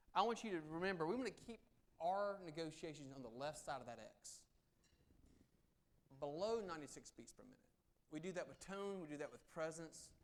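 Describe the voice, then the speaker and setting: A middle-aged man giving a live negotiation seminar, swinging between loud emphasis and soft, low asides. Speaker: negotiation speaker. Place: meeting room with audience.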